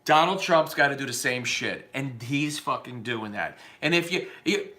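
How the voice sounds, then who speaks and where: A man's voice: medium pitch, lively intonation, moderate pace, sharp tone. A man delivering an unscripted, profane, combative rant that rambles from point to point.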